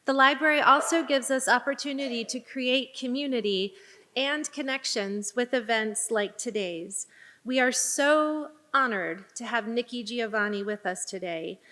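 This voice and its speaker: Woman, library director, formal welcome, bright tone, big reverberant hall. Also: a little high, unhurried. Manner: gracious, listing thanks and names. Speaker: library director introducing the event. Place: large performing arts hall.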